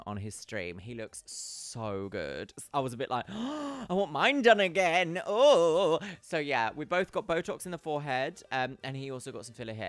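Female game streamer, casual, affectionate with chat, animated delivery. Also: deep voice, no echo. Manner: chatty and affectionate, greets viewers by name, calls them "my love". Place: at home.

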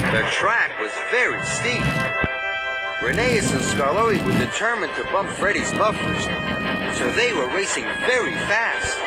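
Male narrator for a kids' storybook, slow and lively, fairly high, loud music bed. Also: low-quality recording. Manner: slow, expressive read-aloud. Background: loud background music.

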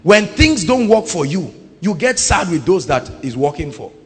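A man with a Nigerian accent preaching a sermon, moving between quiet talk and loud shouted declarations. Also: very animated, normal speed, in a large hall, faint music behind. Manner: booming, swings from quiet to shouting.

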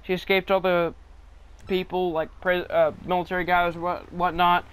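A man's voice: high-pitched, level tone, moderate pace, fairly bright tone, clear, resonant tone. A man talking casually over gameplay, rambling with many restarts as a gaming channel host.

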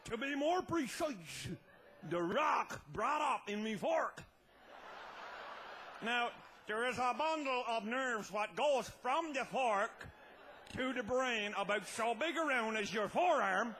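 A man telling a tall tale as a comedy monologue, loud and laughing, often breaking into shouts. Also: very high voice, expressive, slow pace, noisy background. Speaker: comic storyteller.

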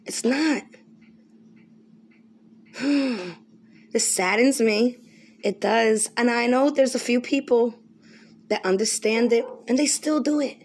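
A woman vlogger giving an emphatic, preachy monologue, often pausing to ask "okay?". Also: on the high side, a little mellow. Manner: emphatic, repetitive, keeps asking okay. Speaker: spiritual vlogger.

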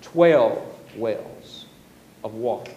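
A man preaching a sermon as pastor, animated, acting out the grumbling crowds. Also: on the low side, extremely slow, reverberant, in a large hall, lo-fi sound. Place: church sanctuary.

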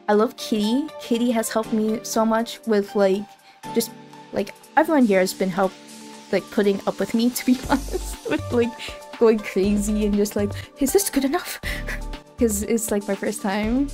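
A young woman chats on a live stream, bubbly and gushing and scattering "like" through her sentences. Her pitch sits in an ordinary middle range. A faint music bed plays behind her. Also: measured pace, dark tone. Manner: bubbly, gushing, heavy use of filler "like". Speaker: VTuber streamer. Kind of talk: casual live-stream chat.

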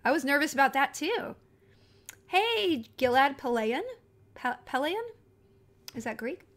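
A woman's voice: sits high, very animated, measured pace, a bit bright. A woman live-streaming a video game in casual, chatty talk, scattered and reading viewer comments aloud as she goes.

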